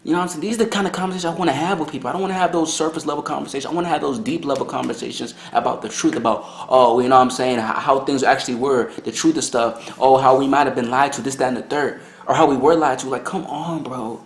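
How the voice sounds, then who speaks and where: A young man hosting a reaction video, talking casually in an excitable, rambling, slangy way. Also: mid-range voice, fast talker, hardly any pauses. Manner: excitable, rambling, slangy, lots of "you know what I'm saying". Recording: roomy, echoey room.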